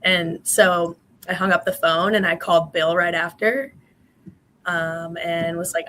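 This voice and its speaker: A young woman, once a college swimmer, tells her story as a podcast guest. Her voice sits a little low and she talks in a loose, chatty flow full of fillers. A faint hiss runs under the recording. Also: steady tone, measured pace, pushed and bright, rough recording. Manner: chatty, many "you know" fillers. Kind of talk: casual interview answers.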